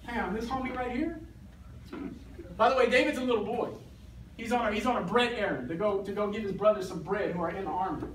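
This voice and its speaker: A man teaching a youth Bible class in a church classroom, telling the story in an animated, slangy way. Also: high-pitched, fast. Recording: echoey hall, distant mic, faint hiss.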